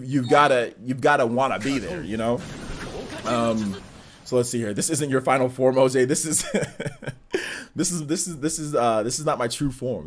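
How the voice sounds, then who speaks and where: Hyped young male streamer, lively pitch. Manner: hyped, elevated presentation voice, trash-talking. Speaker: livestream host. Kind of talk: casual live stream chat, reading chat.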